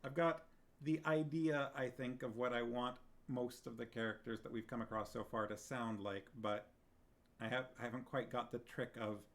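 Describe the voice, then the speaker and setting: A man streaming a book reading, casually chatting with his viewers, laughing often and reading their comments aloud. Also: medium pitch.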